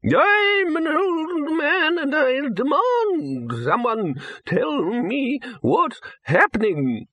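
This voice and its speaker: A man's voice: extremely high pitch, big pitch swings, a bit bright, no echo, voice pushed up, full character voice. A man voicing a frail, fretful ancient wizard in a wheelchair, in an audiobook reading. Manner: quavering, fretful and slow.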